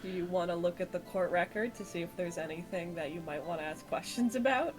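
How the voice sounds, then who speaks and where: A woman's voice: fairly low pitch, brisk, over music. A woman chatting casually on a game stream, coaxing the player along with questions. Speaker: co-host guiding the player. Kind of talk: casual chat.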